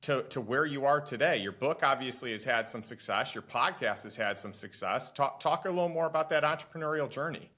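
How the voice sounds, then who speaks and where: A man's voice: mid-range voice, fairly quick, hardly any pauses, bright, forceful tone. A man hosting an interview, prompting his guest to tell his story. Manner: prompting, conversational. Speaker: host. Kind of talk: interview questions.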